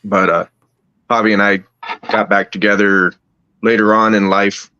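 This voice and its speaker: A man telling a personal story at a slow, halting pace, with many restarts. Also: fairly low pitch, level tone, bright, forceful tone, clean tone, no echo, lo-fi sound. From United States. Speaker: podcast guest. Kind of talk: casual storytelling.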